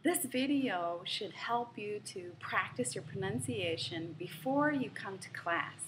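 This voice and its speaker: Woman teaching pronunciation really slowly, spelling out stress in words, bit of background hum. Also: mid-range voice, expressive. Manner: slow, careful demonstration of word stress. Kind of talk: instructional video lesson.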